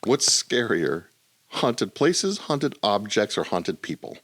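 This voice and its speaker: Podcast co-host, male, lively pitch, animated casual storyteller who swears. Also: slow, slightly rough. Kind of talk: casual chat.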